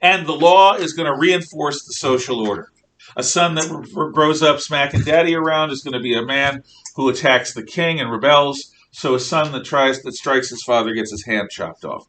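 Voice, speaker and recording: A man teaching a history class, lecturing in an emphatic, animated way. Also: mid-range voice, normal speed, a little hiss or hum. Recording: echoey room, mic far off.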